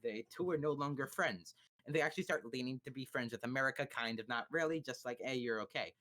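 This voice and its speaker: A young man streaming live, rambling through a casual history lesson with swearing, jokes and quick mock voices. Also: mid-range voice, bright, forceful tone.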